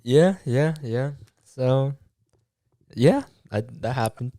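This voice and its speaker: A man's voice: mid-range voice, animated, slow, mellow, dry recording, clean studio sound. A young man, a podcast co-host, telling a casual story with lots of swearing and acted-out quotes of what was said. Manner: swearing, acts out quoted dialogue, many fillers.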